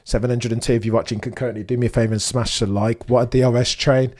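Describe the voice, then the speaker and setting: A young man hosting a live race watchalong, chatting excitedly to his viewers and reacting with slang. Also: medium pitch, quick pace. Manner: excitable, chatty, British slang, talks to chat. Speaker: livestream host.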